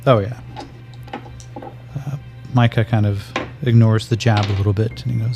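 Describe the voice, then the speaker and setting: A man narrating a solo tabletop game as game master, calling out dice rolls in a measured way. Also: fairly low pitch, steady tone, over music.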